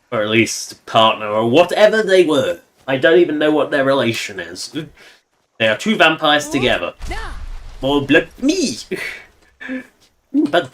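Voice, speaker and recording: A man's voice: medium pitch, very animated, normal speed, fairly bright tone. A man giving casual, sarcastic, rambling commentary while he plays a game on stream.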